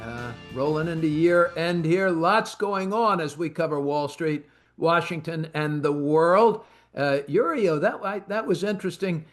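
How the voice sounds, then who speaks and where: Male podcast host, slightly high voice, casual rambling chat, lots of fillers. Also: measured pace, faint music behind. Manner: rambling, conversational storyteller with frequent fillers.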